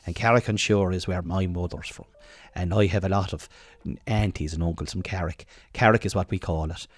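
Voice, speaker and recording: A man's voice: low-pitched, fairly even intonation, brisk. Joking Irish man, casual podcast host. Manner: rambling, joking, swears freely. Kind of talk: casual chat.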